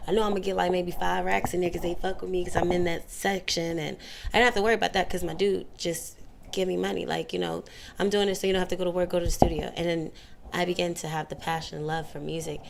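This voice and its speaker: Low gravelly young woman telling stories. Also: little pitch movement, fast, noisy background. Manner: candid, storytelling with playful voices. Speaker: interview guest. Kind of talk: casual interview chat.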